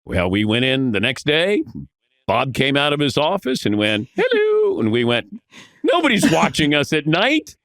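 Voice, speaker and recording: A man telling animated anecdotes as a podcast guest, acting out the voices of the people in his stories. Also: medium pitch, normal speed, no echo, studio quality. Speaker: podcast guest, veteran sportscaster. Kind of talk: casual storytelling.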